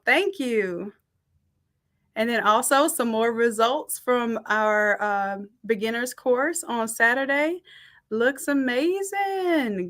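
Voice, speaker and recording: A middle-aged woman teaching a design class on a live stream, reading out the chat and warmly thanking people by name. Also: a little high. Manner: warm, effusive thanks and shout-outs.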